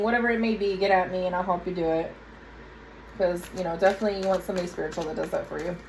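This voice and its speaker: A woman reads tarot cards for her audience in a loose, chatty way, talking straight to the viewers. Her voice sits at a middling pitch. A faint hum of room noise runs under her. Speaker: tarot reader. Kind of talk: casual tarot reading to camera.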